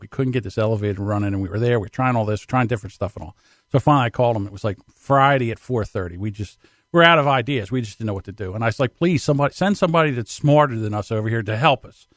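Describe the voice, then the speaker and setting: A man's voice: fairly low pitch, racing, dry recording, studio quality. A man co-hosting a podcast, rambling through work stories, laughing and mimicking people he worked with. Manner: rambling, laughing, does voices of old bosses. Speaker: podcast co-host. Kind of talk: casual storytelling chat.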